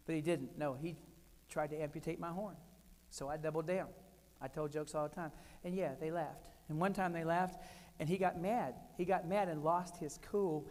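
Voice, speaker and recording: A dark-toned voice on the high side belongs to an older American man giving a keynote. His humorous personal stories come in punchy, clipped phrases, and the hall is echoey.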